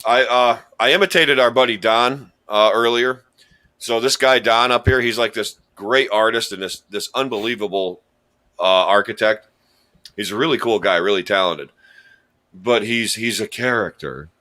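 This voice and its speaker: A man's voice: lowish voice, normal speed, pushed and bright. A man hosting a casual podcast, rambling and joking at his own expense while telling stories. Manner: rambling, jokey, self-deprecating storyteller. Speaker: podcast host and quiz contestant. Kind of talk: casual chat.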